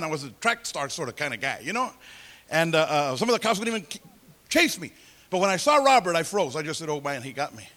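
A man with a high-pitched voice tells his testimony from the pulpit. He is animated, acting out the people he quotes and shifting between loud, pushing bursts and quieter, confiding asides. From California. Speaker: preacher giving testimony. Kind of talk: sermon testimony.

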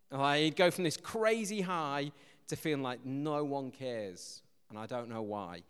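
Guy preaching, chatty and jokey, smooth clear voice, a bit higher pitched, long hall echo. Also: fairly bright tone. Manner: conversational, joking asides. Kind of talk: sermon.

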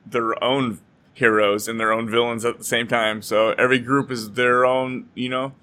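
Podcast host dude, bright forceful voice, chatty and jokey. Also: male voice, mid-range voice, little pitch movement, normal speed. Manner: chatty, joking, enthusiastic. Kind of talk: casual podcast interview.

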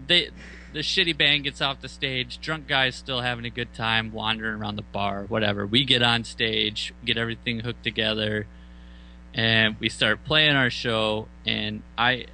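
Profane, animated male storyteller. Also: mid-range voice, gravelly, slight background noise, low-quality recording. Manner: profane, animated retelling with loud mock outbursts. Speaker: band member telling a story. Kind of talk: casual storytelling.

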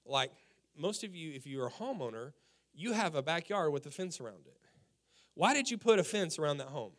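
A male pastor preaching with a high, bright voice. His delivery is animated, and he leans on emphatic repetitions and direct questions to his listeners. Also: moderate pace. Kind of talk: sermon.

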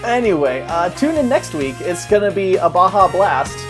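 A man's voice: high voice, big pitch swings, moderate pace, music in the background. Joking, rambling podcast co-host, man. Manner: joking, rambling, laughs often. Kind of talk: casual podcast chat.

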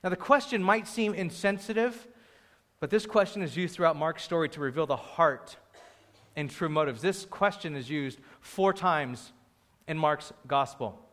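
Young man, sermon, animated preaching, lively voice, acts out crowd voices. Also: on the high side, moderate pace. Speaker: pastor.

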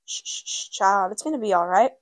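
A woman reading aloud and voicing an aunt who hushes a crying child and blames herself. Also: medium pitch, fairly quick, no echo, close to an everyday voice. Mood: soothing. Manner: hushing, soft. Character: soothing, guilt-ridden aunt.

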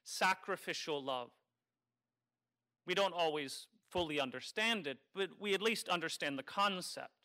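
A man preaching a homily in a conversational, wry way, teasing his listeners and slowing down to stress key phrases. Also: fairly high pitch, sharp tone. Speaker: Catholic priest. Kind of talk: sermon.

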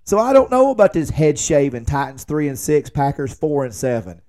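A man's voice: a little high, moderate pace. A man, hosting a podcast and telling a long joking story in a rambling late-night monologue. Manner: rambling, joking, animated when quoting himself. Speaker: podcast host.

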